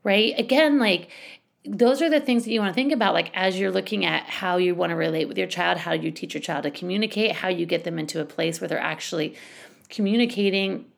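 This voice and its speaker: A woman's voice: on the low side, a little fast, creaky. A woman giving casual parenting advice in a chatty, rambling way, full of asides and restarts. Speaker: parenting coach.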